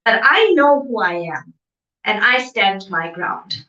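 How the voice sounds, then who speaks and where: At a seminar venue, a business seminar speaker delivers an emphatic motivational talk, often asking "okay?" to make sure the audience is with her. Her medium-pitched voice is very animated, slow, pushed and bright. The room is echoey, and the distant mic gives a dull sound.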